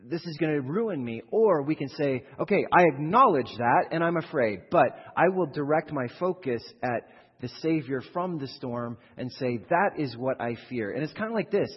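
A man preaching a sermon to a congregation, animated, swinging from loud acted-out fears to low, slow reflection. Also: husky. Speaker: pastor. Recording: dull, reverberant hall recording.

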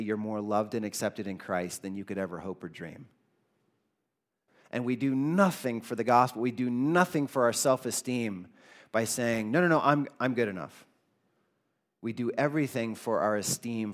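A man preaching a sermon as pastor, earnest, with his voice rising for emphasis and dropping low for quoted lines. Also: expressive, normal speed.

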